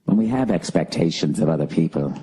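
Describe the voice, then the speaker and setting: A man doing a hushed British meditation guide. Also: very deep voice, fairly quick, breathy edge, voice pushed down, heavily acted. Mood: soothing. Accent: British (put on). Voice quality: soft, soothing. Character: calm soothing male British meditation guide.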